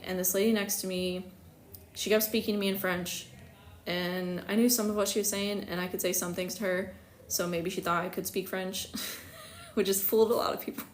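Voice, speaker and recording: Chatty, giggly young woman in echoey room. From United States. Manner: chatty and giggly, many fillers, acts out quotes with big pitch jumps. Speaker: astrologer hosting a live stream. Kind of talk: casual live-stream chat. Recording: echoey room, faint hiss.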